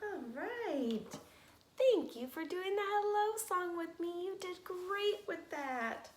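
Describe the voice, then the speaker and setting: A woman who is a preschool teacher, leading a circle time for small children in a slow, sing-song, encouraging way. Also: extremely high pitch, lively intonation, music in the background. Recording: echoey room with faint background noise.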